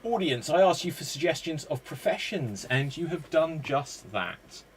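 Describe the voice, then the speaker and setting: Male emcee for a streamed improv show, brisk and joking, a bit high-pitched. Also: lively intonation, a little hiss or hum. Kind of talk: live streamed improv hosting.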